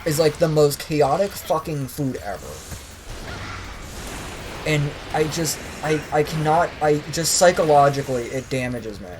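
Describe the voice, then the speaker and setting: Brief: young streamer, theatrical profane rants over gameplay, mid-pitched voice, faint background hiss. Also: a little mellow, poor audio. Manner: profane, exasperated, dramatic ranting. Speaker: streamer playing a video game. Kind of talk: casual ranting commentary while gaming.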